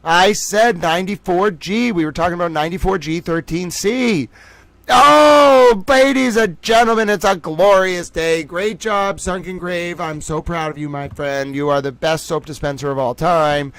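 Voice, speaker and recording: Excitable man hosting a livestream quiz. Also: fairly high pitch, moderate pace, few pauses, dry recording. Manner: excitable, praises viewers by name, swings between loud and quiet. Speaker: livestream host running trivia. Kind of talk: casual livestream chat.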